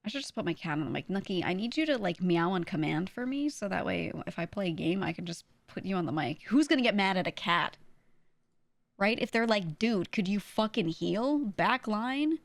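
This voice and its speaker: A woman's voice: on the low side, animated, fairly quick, vocal fry, no echo. A young woman streaming, chatting casually with viewers, laughing often and acting out quoted voices.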